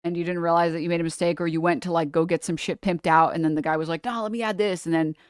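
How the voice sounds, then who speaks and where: A young adult woman hosting a livestream, chatting casually and ranting with swearing and quick asides. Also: fairly low pitch, steady tone, clean tone, no echo, clean studio sound. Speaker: livestream host. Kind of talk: casual chat.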